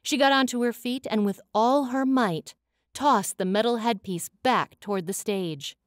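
A woman narrating a fantasy audiobook in an expressive, dramatic reading, close to a studio mic. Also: a little high, unhurried, dry recording.

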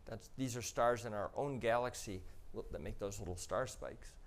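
A man explaining slides in a relaxed, conversational way. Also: fairly low pitch, moderate pace. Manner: conversational, explaining step by step with frequent "um" and "you know". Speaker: astronaut giving a public talk. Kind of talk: slide presentation to an audience.

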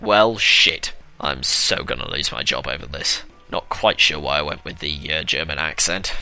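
A man's voice: a bass voice, expressive, normal speed, creaky, bright, forceful tone, faint music behind. A young man commentating on a video game he plays, sarcastic and swearing, humming tunes along the way. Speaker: let's play commentator. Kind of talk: casual gameplay commentary.

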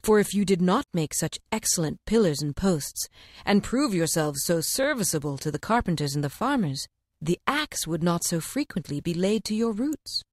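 A woman's voice: on the low side, big pitch swings, moderate pace, dry recording, clean studio sound. Brief: storybook Jupiter, stern male god, lecturing in a woman narrator's voice.

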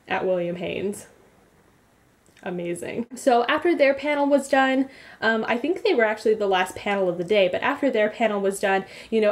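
A young woman vlogging, telling a rambling story with frequent giggles. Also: medium pitch. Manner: rambly, giggly, animated retelling. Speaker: beauty vlogger. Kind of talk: casual vlog recap.

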